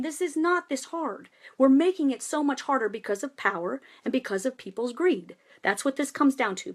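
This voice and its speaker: Impassioned woman with a high voice. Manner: passionate, rambling, emphatic. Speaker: vlogger and protester. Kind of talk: impassioned political monologue.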